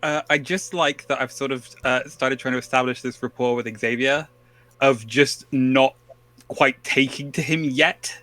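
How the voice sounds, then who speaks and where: A man's voice: mid-range voice, fairly even intonation, measured pace, pushed and bright. A tired man chatting casually as a player, laughing and acting out quotes from the game. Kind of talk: casual podcast recap chat.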